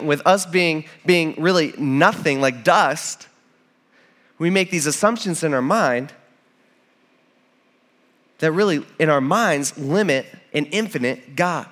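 A man's voice: a little high, a bit bright. A man giving an informal, conversational sermon with frequent restarts and acted-out quotes of the people in the story.

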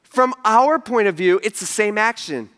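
Here a male pastor with a high voice speaks at a moderate pace, addressing his congregation from the church stage. He tells his stories with energy, adding humorous touches and informal comments to the listeners.

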